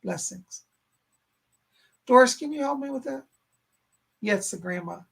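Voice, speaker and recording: A man's voice: very high voice, expressive, a little slow, creaky, a bit bright, slightly rough. A man hosting a live stream as a psychic medium, chatting reassuringly as he reads chat questions aloud and passes on messages. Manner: chatty and reassuring, with many "and she said" asides.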